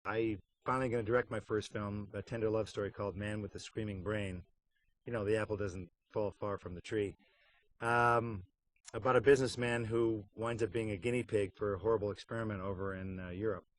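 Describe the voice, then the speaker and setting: A middle-aged man with a fairly low, flat-pitched voice talks briskly in a casual behind-the-scenes interview about voicing a game. He's wry and jokey about voice work, slipping into silly voices for his anecdotes.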